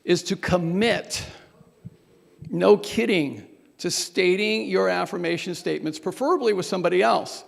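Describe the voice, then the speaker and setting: A man's voice: high voice, moderate pace, vocal fry, long reverb tail. A man leading a workshop group exercise, coaching and urging the room on with energy. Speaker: workshop presenter.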